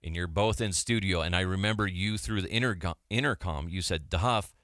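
Male host, former radio sidekick, animated storyteller, crisp dry close sound. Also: sits low, a little fast, no echo. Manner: animated storytelling, laughs often. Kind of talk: casual chat.

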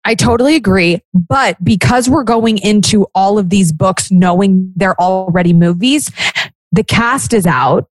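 A woman's voice: medium pitch, a little slow. A heavily pregnant woman talking as a podcast guest. She chats candidly and often restarts her sentences. The sound is dry, close and without any room echo. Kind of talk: casual chat.

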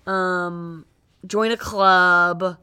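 A young woman from Cleveland, co-hosting a podcast in casual chat and telling stories with animated energy and frequent laughs. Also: lowish voice, clean tone. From Cleveland, United States. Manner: animated storytelling, quick laughs. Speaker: podcast co-host.

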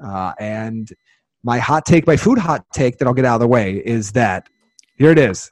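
A man co-hosting a podcast in casual chat, rambling and excitable, often restarting his sentences. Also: mid-range voice, moderate pace, no room sound. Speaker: podcast co-host.

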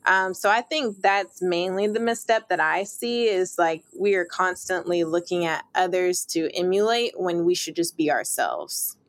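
A woman's voice: lowish voice, no echo. Upbeat, emphatic young woman reporter. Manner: upbeat, emphatic, quick bursts with laughs. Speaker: sports reporter guest. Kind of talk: interview.

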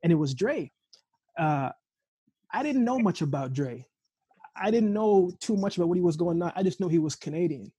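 A man's voice: high voice, normal speed, pauses often, slightly rough, no room sound. A man hosting a casual conversation, telling stories full of quoted back-and-forth. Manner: storytelling with lots of quoted dialogue; animated storytelling. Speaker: podcast host.

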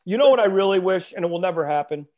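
A man co-hosting a casual sports talk show, animated and keeping the segments organized. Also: sits high, racing. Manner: animated, runs the segments with a notebook. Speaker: podcast co-host.

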